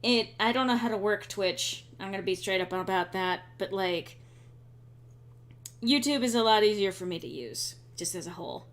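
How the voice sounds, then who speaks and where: A young woman chats through a game stream with a sarcastic edge, filling pauses with ums. Her voice sits at a middle pitch and stays casual. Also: a bit bright. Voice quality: chatty and sarcastic, with frequent ums. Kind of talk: casual let's-play chat.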